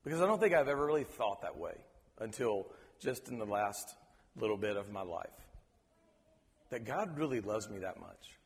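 A man preaching a sermon, earnest and halting, often repeating words as he searches for them. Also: on the low side, expressive, creaky, big-room sound. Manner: preacher quoting scripture in reverent tones. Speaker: pastor.

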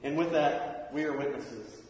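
A man's voice: on the high side, a little slow, a little mellow, a little hiss or hum. A man in his thirties giving a casual, anecdotal sermon in a church auditorium, acting out the voices of people in his stories. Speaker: preacher. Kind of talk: sermon with storytelling. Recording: echoey hall, far from mic.

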